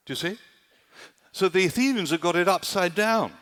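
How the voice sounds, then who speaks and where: A man preaching a sermon at a summer camp, animated and rhetorical, often checking in with "do you see?". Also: high voice, normal speed, in a large hall. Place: large conference hall at a summer camp.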